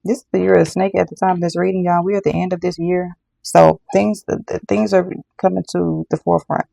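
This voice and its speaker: A tarot reader talks straight to viewers in a casual card reading, repeating lines for emphasis and calling everyone y'all. The voice has a gravelly, rough edge. Its tone is warm and dark rather than bright. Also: mid-range voice, level tone, fairly quick, no room sound.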